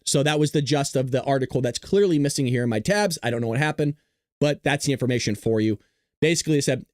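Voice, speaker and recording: A man's voice: medium pitch, fast talker, no room sound, clean studio sound. A man hosting a live political talk show, reading news items aloud and commenting on them with sarcasm.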